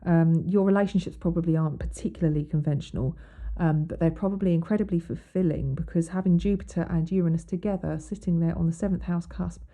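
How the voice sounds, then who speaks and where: This astrology podcast host talks fast with hardly any pauses, her lowish voice steady and dark. Chatty and casual, she explains things with frequent ums and restarts and reads quotes out loud.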